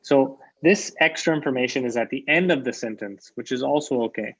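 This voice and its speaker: A man's voice: medium pitch, a little fast, fairly bright tone, slightly rough. A man teaching an English grammar lesson online. He explains with examples, repeats key phrases and keeps checking with "right?". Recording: lo-fi dull sound.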